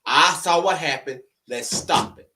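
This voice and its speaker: A man's voice: fairly high pitch, unhurried, far from the mic, noisy background. A man delivering a heated, argumentative opinion rant to the camera, repeating rhetorical questions to drive home his point. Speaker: online commentator. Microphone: camera-facing recording.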